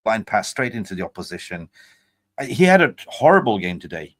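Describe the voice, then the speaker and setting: A man's voice: on the low side, brisk. A man hosting a fan channel's player ratings, joking and pleading to make his point. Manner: excitable, jokey, pleading to finish his point. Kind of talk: casual football chat.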